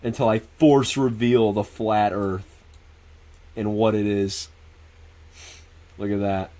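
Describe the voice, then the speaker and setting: A man's voice: on the low side, flat delivery, takes it slowly, dark tone. Male streamer, loose and profane, chats and laughs with his viewers. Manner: answers viewers directly. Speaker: livestreamer. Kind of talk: casual stream chat.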